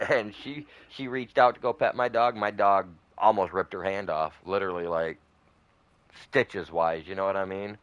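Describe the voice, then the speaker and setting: A man's voice: sits low, normal speed, a bit bright, clean tone, dull audio. A man chatting casually over a farming game, rambling through a long story with many fillers and restarts. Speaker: gaming streamer. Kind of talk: casual gameplay chat.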